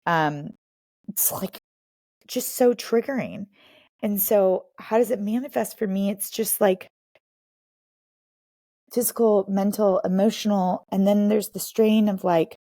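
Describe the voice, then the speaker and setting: A woman's voice: medium pitch, measured pace, pauses often, mellow, dry recording, clean studio sound. A woman in her thirties, a podcast guest, talking openly and reflectively with many "like" fillers. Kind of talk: candid personal conversation.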